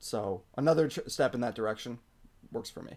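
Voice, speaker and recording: Male podcast co-host, casual, opinionated, middle pitch. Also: a little fast. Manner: opinionated, animated, frequent fillers. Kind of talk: casual hockey chat.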